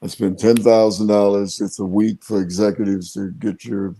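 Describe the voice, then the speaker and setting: A man in his seventies with a low, mellow, darker voice tells stories in a relaxed, folksy way. He speaks plainly and colloquially, like a veteran car dealer passing on what he has learned. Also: normal speed, gravelly, breathy edge. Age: 70s. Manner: folksy, colloquial storyteller, gives advice. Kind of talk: casual podcast talk.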